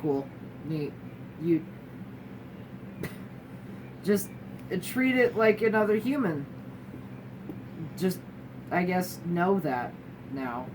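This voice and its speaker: A woman's voice: on the low side, big pitch swings, slow, pauses often, distant mic. A young woman speaking casually and candidly, with a wry manner, who often restarts and mimics other people mid-sentence. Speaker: guest sharing her experience. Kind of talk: casual talking-head chat. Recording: voice a bit off-mic with clear room noise.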